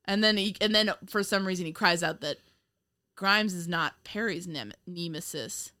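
An American woman with a lowish, bright voice speaks at a moderate pace in a forceful tone. She co-hosts a casual chat about an old TV show, rambling and giggling often.

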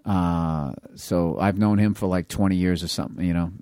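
Rambling comedian, dry mic. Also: male voice, low-pitched, fairly even intonation, moderate pace, mellow, no room sound. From Boston. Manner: rambling, loose storytelling with many fillers. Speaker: comedian guest. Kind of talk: casual podcast conversation.

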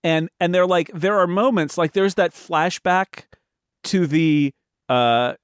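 A man co-hosting a casual film podcast, rambling and animated with many restarts and mock-indignant humor. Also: high-pitched, slow, clear, resonant tone, dry recording, clean studio sound. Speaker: podcast co-host.

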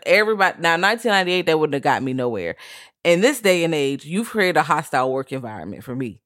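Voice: medium pitch, very animated, quick pace, a bit bright, dry recording. Co-host with a blunt ranting delivery and frequent swearing, recorded in a dry, close setting. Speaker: podcast co-host. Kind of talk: casual film-review chat.

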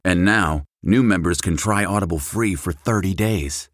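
Deep raspy guy doing a sponsor read, dry close sound. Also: normal speed, no room sound. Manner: smooth, even promotional delivery. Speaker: ad announcer. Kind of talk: scripted ad read.

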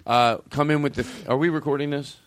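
A man hosting a podcast, telling rambling comic stories with loud outbursts and mumbled asides. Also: on the high side, brisk, crowd noise. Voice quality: animated, swings between loud outbursts and mumbles. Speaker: podcast host. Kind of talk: rambling comedic storytelling.

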